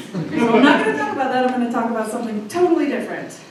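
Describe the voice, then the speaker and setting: A woman in her thirties from Michigan hosting a live storytelling night, telling a personal story in a chatty, self-deprecating way with quick asides. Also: fairly high pitch, very animated, recorded from a distance, a crowd in the background. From Michigan, USA. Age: 30s. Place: live storytelling venue with audience. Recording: echoey room from afar, faint noise.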